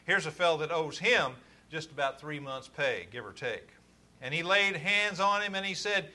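A man preaching a sermon, building to forceful, emphatic stresses. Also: on the high side, animated, moderate pace.

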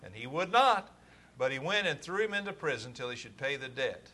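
A man preaching a sermon, building to forceful, emphatic stresses. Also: mid-range voice, sing-song, a little fast, slight background noise.

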